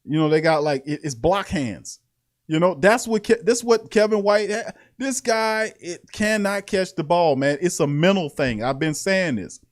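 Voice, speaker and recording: Laughing, animated man hosting a sports show. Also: sits high, normal speed. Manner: animated, laughing, repeating lines for emphasis. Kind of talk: casual sports talk commentary.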